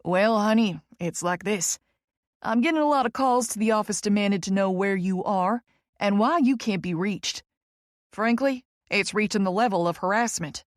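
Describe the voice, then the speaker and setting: A woman's voice: mid-range voice, moderate pace, no room sound, studio quality, natural voice. A woman voicing a small older lawyer man with a thick Kentucky drawl who calls people honey. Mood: folksy. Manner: folksy, calls her honey.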